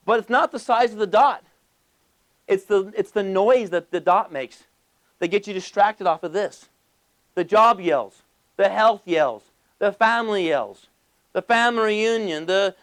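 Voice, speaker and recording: A man giving a passionate motivational business speech to a live audience, emphatic and full of rhetorical questions and rapid-fire lists. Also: high-pitched, fairly bright tone. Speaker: motivational speaker.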